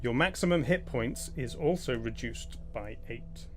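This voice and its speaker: A man's voice: mid-range voice, expressive, a little slow, faint music behind. A man running a tabletop game as game master, describing events and calling out damage.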